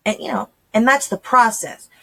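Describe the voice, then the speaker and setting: A woman's voice: fairly high pitch, animated, normal speed, creaky, a bit bright. A woman, talking casually and chattily to homeschooling parents, acting out quoted voices as she explains. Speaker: homeschool channel host.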